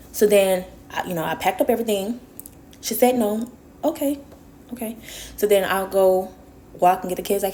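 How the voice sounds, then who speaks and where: Woman vlogger, mid-pitched, casual storytime monologue, emphatic, repeats lines for stress, ends on earnest advice. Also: darkish tone, a little hiss or hum. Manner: earnest, lecturing advice to viewers.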